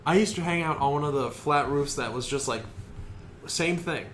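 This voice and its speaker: A young adult man co-hosting a podcast, chatting casually in a laid-back, halting way. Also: fairly high pitch, fairly bright tone, a little hiss or hum. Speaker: podcast co-host. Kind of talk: casual chat.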